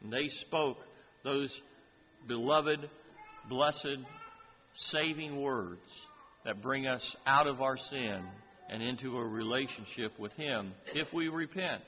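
A man preaching a sermon in a slow, deliberate way, lifting his voice to stress key phrases. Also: medium pitch, bright, forceful tone. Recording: hall reverb with faint ambient noise.

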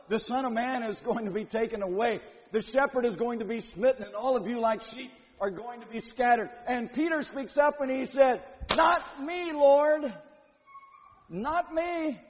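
A man preaching a sermon, retelling scripture with dramatic swings from hushed to loud. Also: very high-pitched. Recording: long hall reverb.

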